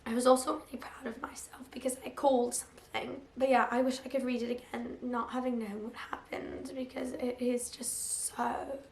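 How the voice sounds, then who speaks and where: A young woman with a hoarse, recovering voice chatting casually about books, full of "like" fillers. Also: a little high, flat delivery, normal speed, few pauses. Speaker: book vlogger. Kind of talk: casual chat. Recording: roomy echo.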